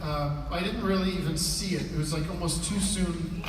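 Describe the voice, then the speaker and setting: A man doing a rambling, deadpan stand-up routine that breaks into sudden yelling, recorded live in a comedy club. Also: on the high side, moderate pace. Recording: echoey live room, mic from far off, loud crowd noise. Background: loud laughing crowd.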